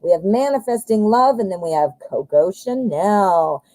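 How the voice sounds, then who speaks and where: Woman doing a live tarot stream, mellow voice, dry close sound, chatty and blunt. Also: mid-range voice, animated, moderate pace, dry recording, poor audio. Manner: chatty and blunt, swears, frequent fillers and self-corrections. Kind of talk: casual live tarot reading.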